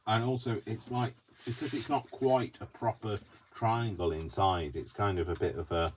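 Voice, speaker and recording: A man's voice: on the low side, steady tone, moderate pace. A man chatting casually through a craft tutorial, giggly and self-mocking. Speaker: craft vlogger.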